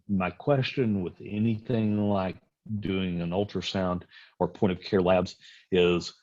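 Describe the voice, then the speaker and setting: A middle-aged man with a very low, slightly husky voice, teaching a room of medics in a relaxed lecture. He tells stories and plays out both sides of the conversations in them. The recording sounds dull and lo-fi. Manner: storytelling, acts out dialogue in anecdotes. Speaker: physician lecturer. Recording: dull lo-fi audio.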